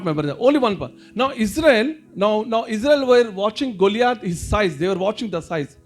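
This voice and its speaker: A very high-voiced man with an Indian English accent preaches a sermon. He circles back over each point, rephrasing it, and keeps calling his listeners brother and sister. Soft music plays faintly behind him. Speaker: pastor.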